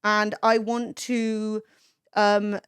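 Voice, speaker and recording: A woman's voice: medium pitch, level tone, very slow, fairly bright tone, smooth, no room sound, clean studio sound. A young woman live-streaming, chatting casually with her chat, swearing freely and laughing often.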